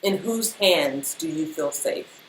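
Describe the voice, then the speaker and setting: A woman's voice: deep voice, slow. Woman doing a loose spiritual pep talk, gets emotional, lots of likes and rights, echoey room, little hiss behind. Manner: emotional, animated, speaks in rhythm with many fillers. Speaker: spiritual reader. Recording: echoey room with faint background noise.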